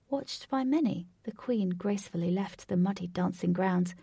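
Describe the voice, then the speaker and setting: A woman narrating a storybook in a steady, expressive reading voice. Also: fairly low pitch, moderate pace, creaky, few pauses, slightly rough, no echo, clean studio sound. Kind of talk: storybook read-aloud narration.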